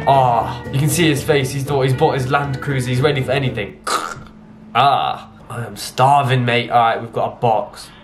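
A man's voice: mid-range voice, noisy background. A young British man giving casual, jokey reaction commentary, with sudden exclamations. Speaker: YouTuber reacting to clips.

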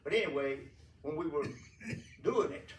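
A man's voice: fairly high pitch, animated, measured pace, a little hiss or hum. Man giving a rambling, echoey eulogy. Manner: rambling, chuckling storyteller with many fillers. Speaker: funeral eulogy speaker. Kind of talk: folksy funeral eulogy. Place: church sanctuary. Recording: echoey room from a distant mic.

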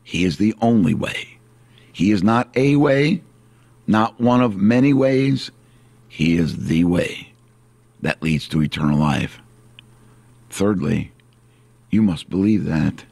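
A low-voiced man delivers an earnest sermon at an unhurried pace. He repeats his points and slows on the words that matter most. The sound is dry and close. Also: creaky, a little mellow, breathy edge, no room sound. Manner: earnest, repetitive preaching, slowing on key phrases. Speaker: pastor.

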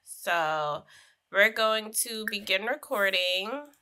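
A young woman talks through her life-sim game in a loose, chatty way, tossing in slangy asides and laughing often. Her voice is bright and forward. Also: medium pitch, slow pace, clean tone. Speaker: gaming streamer. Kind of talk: casual Sims gameplay commentary.

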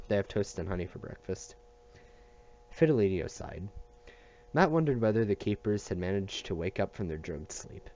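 A man reading a novel aloud at a steady pace, with small restarts and slips. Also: sits low, highs cut off. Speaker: audiobook reader.

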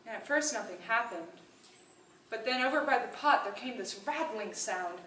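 A woman telling a story to a live audience in an animated, playful way. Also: on the high side, normal speed, slight background noise. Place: indoor event hall. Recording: roomy hall from far off.

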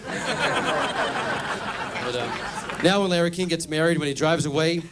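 A man performing a stand-up comedy routine on a club stage, delivering deadpan jokes and playing mock call-in phone bits. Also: on the high side, a little slow, very noisy.

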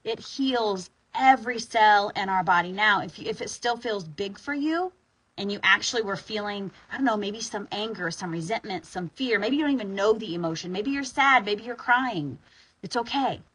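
Breathy bright-voiced woman guiding tapping. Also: mid-range voice, moderate pace, rough recording. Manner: soothing, sighing, informal with bursts of emphasis. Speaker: EFT tapping guide. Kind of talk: guided tapping session.

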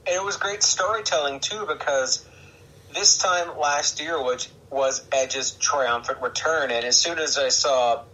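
A man hosting a podcast, chatting casually and excitably about wrestling and laughing often. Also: fairly high pitch, measured pace, muffled recording. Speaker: podcast host. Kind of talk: casual chat.

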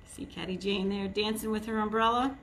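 Gentle woman leading a children's storytime. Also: mid-range voice, fairly even intonation, brisk, a little hiss or hum. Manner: warm, gentle, addressing children. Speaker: children's librarian. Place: indoors at a table. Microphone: phone camera.

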